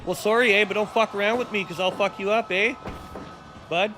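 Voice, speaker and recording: A man's voice: high-pitched, fast talker, pitched above the performer's own voice, close to an everyday voice. A man playing a foul-mouthed, trash-talking Canadian tough guy who ends his lines with "bud" and "eh". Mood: taunting. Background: music.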